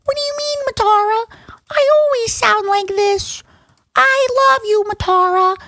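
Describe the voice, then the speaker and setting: A very high, squeaky voice of a clingy woman co-host, as a woman puts her on, drawn out and sing-song. She pleads sweetly and slowly. The sound is dry and close. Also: sharp tone, no room sound, full character voice. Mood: sappy, pleading.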